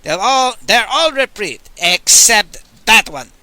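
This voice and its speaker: A man's voice: high-pitched, animated, slow pace, pushed and bright, dry recording, voice pushed up, full character voice. A man playing a bellowing, blustering alien pontiff. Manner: bellowing, roaring commands. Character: blustering, short-tempered alien high priest.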